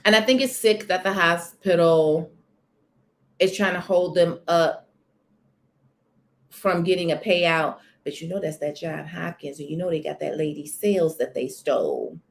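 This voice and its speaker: A woman's voice: fairly low pitch, measured pace, vocal fry. A woman hosting a casual live-stream chat. She is chatty and emphatic, and often repeats herself. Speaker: channel host.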